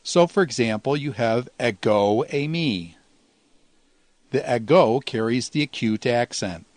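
A man teaching a Greek grammar lesson in a measured, explanatory way, slowing down to pronounce each Greek word. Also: medium pitch, lively intonation, a little mellow.

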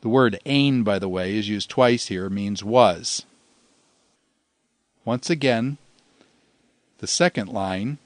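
A man teaching a grammar lesson in a measured way, pausing often and drawing out phrases so listeners can repeat them. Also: on the low side, no echo. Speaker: Greek teacher. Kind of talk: slow, deliberate grammar lecture.

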